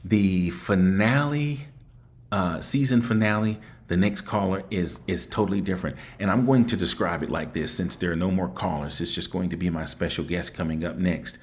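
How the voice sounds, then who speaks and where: A man with a fairly low voice hosts a call-in show in a casual, chatty manner. He thinks aloud, turning his words over reflectively and often circling back to repeat himself. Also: moderate pace. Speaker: show host.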